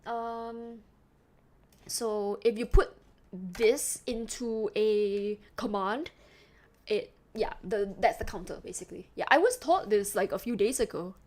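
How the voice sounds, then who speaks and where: A young woman from Singapore with a mixed accent that sounds a little British streams, chatting casually with her live chat. Her medium-pitched, slightly mellow voice is slow, and she rambles, calling herself a yapper.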